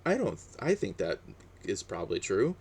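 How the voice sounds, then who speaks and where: Man, low gravelly voice, casual solo chat, hesitant, lots of ums and restarts. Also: moderate pace. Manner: hesitant, many fillers and restarts; relaxed, chatty. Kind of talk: casual personal monologue.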